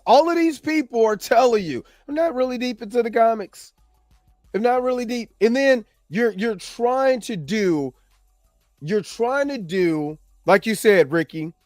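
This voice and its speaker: A man's voice: high-pitched, darkish tone, no echo. A male host giving opinionated commentary, emphatic and repetitive, with many fillers and restarts. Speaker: show host.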